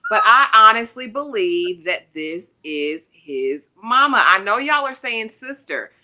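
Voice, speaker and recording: A woman's voice: medium pitch, very animated, unhurried, pushed and bright. A woman hosting a TV recap panel, retelling scenes and putting questions to her co-hosts. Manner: storytelling recap, then hands questions to panelists. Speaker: host. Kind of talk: casual TV recap chat.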